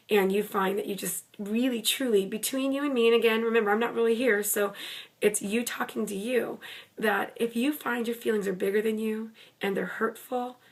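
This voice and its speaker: Gentle, reassuring woman parenting coach. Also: fairly high pitch. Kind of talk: talking to camera, advice video.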